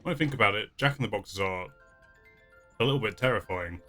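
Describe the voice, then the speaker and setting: A chatty man hosts a casual movie reaction, often laughing and using plenty of fillers. His voice is fairly low but has a bright edge. Soft music plays underneath. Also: a little fast. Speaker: YouTube reaction host.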